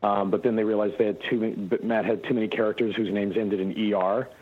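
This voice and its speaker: A man speaking as a voice actor guest, telling stories in a relaxed, casual way. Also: on the low side, fast talker, narrow, tinny audio, background noise. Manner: relaxed storytelling, animated. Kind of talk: casual interview answers.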